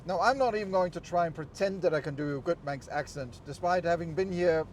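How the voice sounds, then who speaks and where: A man's voice: a little high, fairly quick. A middle-aged man with a slight German accent chats in an upbeat, explanatory way as he vlogs from an open-top car. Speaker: vlogger. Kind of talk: casual vlog while driving. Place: open-top convertible outdoors. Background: road and vehicle noise.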